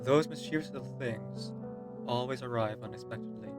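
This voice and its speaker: A man voice actor who chats casually on a stream and narrates a game story in a steady, encouraging way. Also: medium pitch, normal speed, loud music behind the voice.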